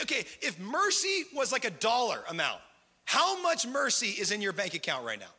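A man's voice: high-pitched, wildly swooping pitch, moderate pace, pushed and bright, husky. A man in his thirties preaching a sermon as pastor, conversational and passionate, building to emphatic peaks. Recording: long hall reverb.

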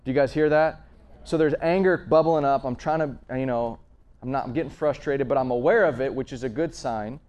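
A man's voice: mid-range voice, brisk, clean tone, dull audio. Earnest man preaching a conversational sermon. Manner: earnest, swings between emphatic and hushed; frequent fillers and restarts, storytelling.

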